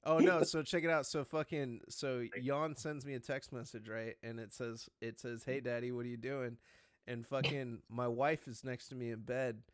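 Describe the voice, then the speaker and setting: A man's voice: mid-range voice, steady tone, normal speed, clear, resonant tone. A young man co-hosting a casual chat, rambling, swearing and laughing often. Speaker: podcast co-host.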